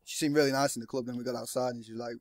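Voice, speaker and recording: A man's voice: mid-range voice, fairly even intonation, racing, no echo. A man, a listener who is a guest on a podcast, chatting casually in a rambling, self-deprecating way. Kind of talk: casual chat.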